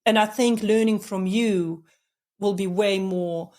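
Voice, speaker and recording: A woman hosting a podcast, deliberately slowing her speech as she chats with a guest over a video call. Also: medium pitch, fairly even intonation. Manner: warm-paced, deliberately slowed speech, laughs often. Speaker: podcast host. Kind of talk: casual interview chat.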